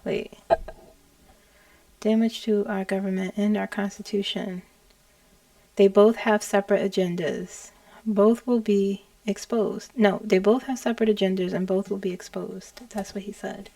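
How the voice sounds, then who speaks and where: A woman psychic talking casually about messages she says she channeled, slow and hesitant, often correcting herself and dropping into whispers. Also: medium pitch, steady tone, creaky, dry recording, recorded from a distance. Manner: slow, hesitant, self-correcting, with soft laughs and whispered asides.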